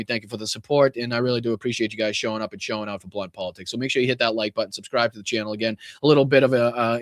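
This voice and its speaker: A man's voice: mid-range voice, fairly bright tone, dry recording, studio quality. A man with a Boston accent hosting a political livestream podcast, blunt and rambling with lots of fillers and the odd curse. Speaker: podcast host. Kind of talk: casual livestream talk.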